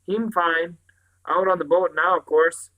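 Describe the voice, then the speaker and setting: A man doing a brisk Cornish landlady. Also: fairly high pitch, fairly even intonation, narrow, tinny audio, natural voice. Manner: brisk homely dialect speech. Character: small round Cornish landlady, brisk and firm.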